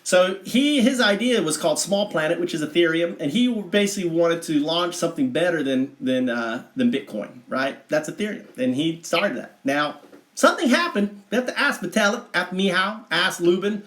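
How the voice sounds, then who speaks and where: A man talking through a chart in a digressive, rambling monologue, restarting often and bursting into excitement. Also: sits high, normal speed, roomy sound. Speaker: vlogger explaining a chart of figures.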